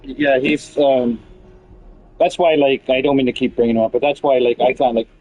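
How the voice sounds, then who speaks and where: A man's voice: mid-range voice, steady tone, moderate pace, darkish tone, dull audio. A man telling a long, meandering story about other players in casual chat, swearing freely. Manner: loose, meandering, peppered with swearing and fillers.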